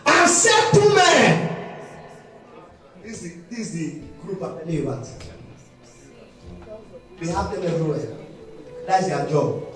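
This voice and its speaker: A man preaching a sermon as pastor, emphatic, breaking into shouts and sung phrases, recorded in a church hall during a live service. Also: a little high, moderate pace, long pauses. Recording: echoey hall, distant mic, faint music.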